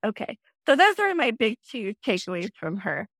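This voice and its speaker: A woman in her thirties, a podcast guest, telling a personal story in a lively way and acting out her own past lines. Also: moderate pace, dry recording. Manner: animated, acts out her own past lines in a high excited voice. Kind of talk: conversational storytelling.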